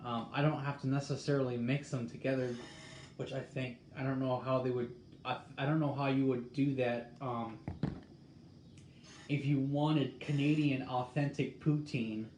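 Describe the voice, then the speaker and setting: A man in casual talk, reading a recipe aloud and musing in a halting way as he thinks out loud. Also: mid-range voice, level tone. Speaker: host. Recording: echoey room with faint background noise.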